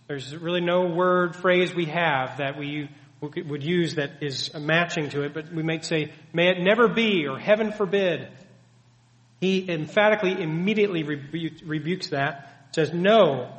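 A man preaching a sermon, teaching earnestly and emphatically with many rhetorical questions. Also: a little high. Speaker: pastor. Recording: long hall reverb.

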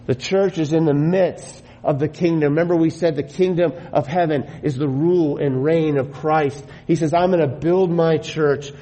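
A man's voice: a little high, steady tone, moderate pace, hardly any pauses, dark tone, rough recording. A middle-aged man preaching a sermon as pastor, earnest and emphatic, often repeating his phrases for weight.

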